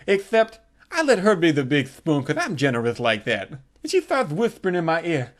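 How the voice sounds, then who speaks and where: Man, comic storyteller, crude, profane, lively pitch. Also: normal speed. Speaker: comedic storyteller.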